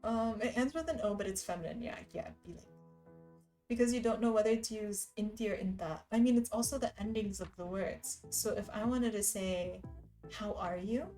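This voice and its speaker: A woman's voice: medium pitch, dark tone, rough recording. A woman live streamer in casual, rambling chat who laughs often.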